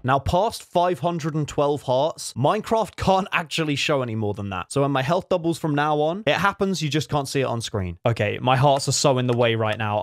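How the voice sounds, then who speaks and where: A man giving excitable gameplay commentary, yelping and laughing at his own game. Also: fairly high pitch. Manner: excitable, yelps and laughs, self-mocking. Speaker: gaming YouTuber.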